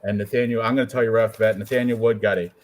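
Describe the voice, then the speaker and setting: A man co-hosting a casual show about fight predictions, joking and animated as he talks through his picks. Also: lowish voice, very fast. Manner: joking, animated, puts on quoted voices. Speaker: co-host picking fights. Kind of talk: casual chat.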